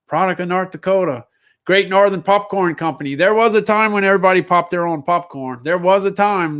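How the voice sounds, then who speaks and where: A man's voice: a little high, a bit bright, smooth. A man hosting a casual solo livestream, musing aloud as he reads down a list of product listings. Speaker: livestream seller host.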